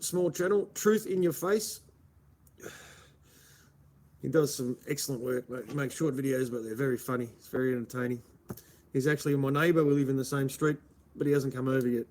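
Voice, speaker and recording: A man's voice: mid-range voice, brisk, darkish tone. A man from Melbourne with an Australian accent, chatting casually on a livestream, rambling and answering his chat. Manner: rambling, answers chat, says "mate" a lot. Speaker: live streamer.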